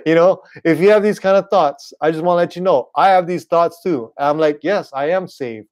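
A man preaching an online sermon in a relaxed, conversational way, often checking in with "right?". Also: fairly high pitch, fairly quick. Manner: casual, repeats "right?" and "you know". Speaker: pastor.

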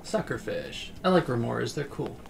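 A man's voice: mid-range voice, sing-song, normal speed, gravelly, background noise. A man streaming a game casually, rambling as he plays and reading chat messages aloud.

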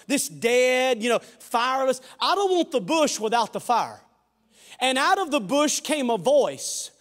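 A man preaching a sermon in a church sanctuary. He is fervent and folksy, jokes with the room, and swings from shouted peaks to quiet asides. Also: very high-pitched. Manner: folksy, joking. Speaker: pastor. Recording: long hall reverb.

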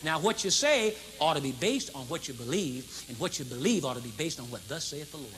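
A man in his fifties preaching a sermon to a live congregation, emphatic and repetitive, moving between loud proclamation and low intense talk. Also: big pitch swings, fairly quick, background noise. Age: 50s. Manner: emphatic, repeats key phrases for effect. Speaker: pastor. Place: large church service with congregation responding.

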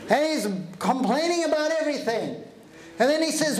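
A man giving an energetic, animated motivational talk, telling stories and joking with a live audience in a hall. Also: very high-pitched, fairly quick, crowd noise. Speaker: motivational speaker. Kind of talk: keynote storytelling to a live audience. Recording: echoey hall with faint ambience.

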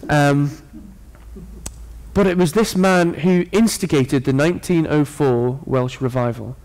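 Preaching at a measured pace, a man with a slightly higher, somewhat mellow voice gives an earnest sermon. He breaks it up with joking asides to his congregation.

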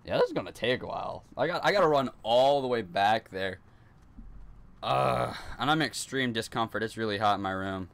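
A jittery young male gamer talks his way through a horror game, repeating himself as nerves build. His pitch leaps and drops a lot, and he often slips into hushed mutters. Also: expressive, fairly quick, creaky. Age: teens. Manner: nervous, repetitive self-talk. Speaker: gaming YouTuber. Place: hot bedroom.

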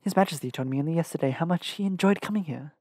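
A man voicing a scheming young noblewoman, speaking softly and ingratiatingly. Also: fairly high pitch, very fast, no room sound, studio quality, pitched above the performer's own voice, lightly acted. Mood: flattering.

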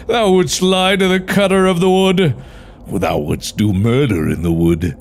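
A man's voice: a little high, steady tone, measured pace, slight background noise, pitched above the performer's own voice. A man voicing a stern woodcutter in a game, speaking in pompous mock-archaic English.

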